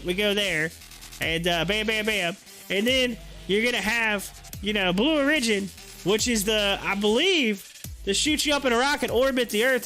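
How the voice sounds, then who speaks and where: A man's voice: sits high, bright, forceful tone. A man with an Ohio accent hosting a stock market live stream, talking in a rambling casual way and laughing often. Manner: rambling, chatty, laughs often, drags out words.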